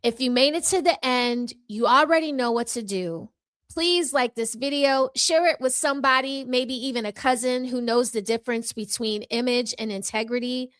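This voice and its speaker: Sassy bright-voiced woman vlogger. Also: on the high side, normal speed, no echo. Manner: sassy, emphatic, mock-courtroom delivery. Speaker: channel host. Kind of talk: impassioned commentary vlog. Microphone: microphone.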